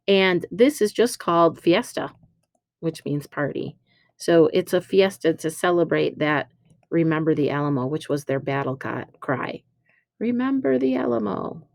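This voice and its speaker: A woman's voice: lowish voice, a little mellow, no echo. A woman teacher talking through a slide lesson in a chatty way, explaining with fillers and correcting herself. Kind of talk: recorded classroom lesson over slides.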